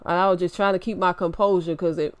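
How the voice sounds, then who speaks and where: A woman with a Louisiana accent telling a story in an animated, indignant rant, muttering one moment and raising her voice the next. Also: lowish voice, fast, clear, resonant tone, dry recording. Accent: Southern US, Louisiana. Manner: animated, indignant, swings between muttering and raised voice. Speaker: vlogger.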